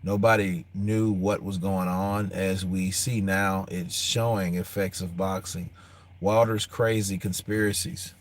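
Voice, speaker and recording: A man's voice: low voice, level tone, measured pace. A man hosting a boxing show, chatting casually and telling loose, profane stories with frequent laughs. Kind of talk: casual live-stream chat.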